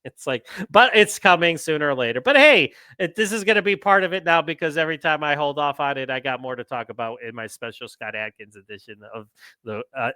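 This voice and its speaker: A male podcast host with a bright, forceful voice that sits a little high. He talks in loose, excitable chat and slides into rants. The sound is dry and close. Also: clear, resonant tone, dry recording. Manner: excitable, ranting, swears. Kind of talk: casual news chat.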